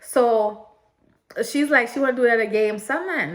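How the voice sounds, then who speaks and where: A woman's voice: a little high, a little fast, a bit bright. A young woman vlogger telling a story in a chatty, casual way, talking straight to her viewers and laughing often.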